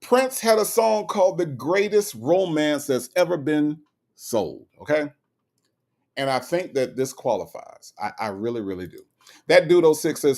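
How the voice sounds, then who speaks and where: Animated man hosting a chatty livestream. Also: fairly high pitch, moderate pace. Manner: animated and teasing, with many "okay?" asides. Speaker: livestream host. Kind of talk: casual commentary, reading chat aloud.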